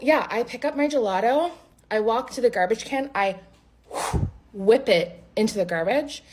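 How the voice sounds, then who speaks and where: A woman's voice: mid-range voice, a little mellow. A woman casually recounting a bad date to the camera, blunt and exasperated, swearing freely. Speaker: storyteller.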